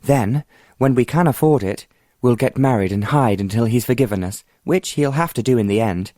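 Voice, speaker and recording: A man voicing a bold, determined young woman who speaks frankly and confidingly, in a mid-pitched voice with little room sound. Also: normal speed, mellow, dry recording, clean studio sound, lightly acted.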